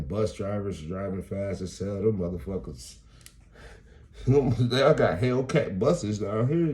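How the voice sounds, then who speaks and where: A man doing freestyle stand-up comedy, telling stories in a profane, animated, slangy way. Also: low voice.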